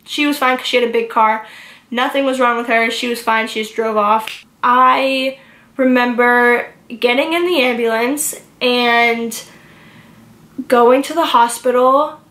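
A young adult woman telling a personal story to camera, emotional and rushed, with many filler words. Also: fairly high pitch, fairly even intonation, a bit bright, roomy sound. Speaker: vlogger.

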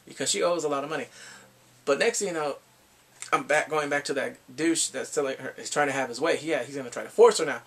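A man's voice: fairly high pitch, fairly quick, creaky, fairly bright tone, breathy edge. A man recapping an anime episode in a casual review, acting out scenes with laughs and exclamations.

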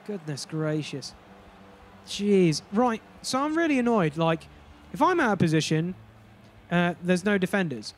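A man's voice: high voice, sing-song, a little slow. A young man narrating his hockey video game, ranting and swearing in frustration at his teammates. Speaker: gaming channel host. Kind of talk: gameplay commentary.

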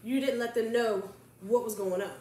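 Woman, co-host, supportive, reassuring, fairly high voice, echoey room. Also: steady tone, normal speed, mellow. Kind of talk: casual chat. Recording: echoey room, faint noise.

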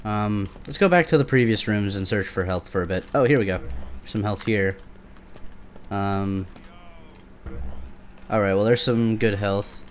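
A young gameplay commentator with a lowish voice speaks at a measured pace, pausing often, with slight background noise behind him. Playing a creepy shooter as a let's play, he swears nervously and frequently answers back to the monsters.

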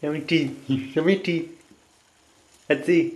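A man's voice: a little high, steady tone, moderate pace, darkish tone. A man, a father, playfully teasing and questioning his toddler during bath time. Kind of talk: home video chat with a toddler. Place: tiled bathroom beside a filling bathtub. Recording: echoey bathroom with running bath water.

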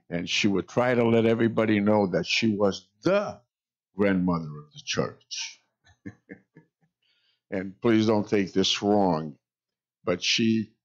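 A male pastor preaching a sermon, telling stories in an unhurried way with wry jokes. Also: fairly low pitch. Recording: dull lo-fi sound.

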